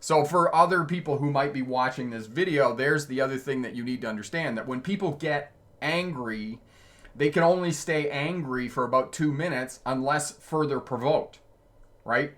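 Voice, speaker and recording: A male driving instructor hosts a casual livestream, with a voice that sits in an ordinary middle pitch. He tells stories from the road and answers viewers' comments, breaking into laughter mid-sentence. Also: a bit bright. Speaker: driving instructor and channel host.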